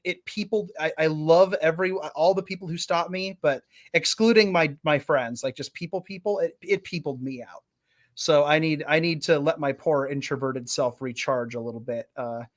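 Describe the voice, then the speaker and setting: Jokey, animated male livestream guest. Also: fairly high pitch. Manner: animated, jokey, quick to laugh. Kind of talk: casual livestream chat. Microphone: video call setup.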